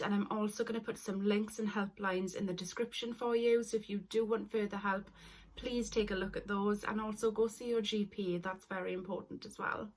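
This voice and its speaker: Young woman, twenties, confessional vlogger: earnest, apologetic, close to tears at times. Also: mid-range voice. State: tearful at times. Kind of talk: personal confessional story.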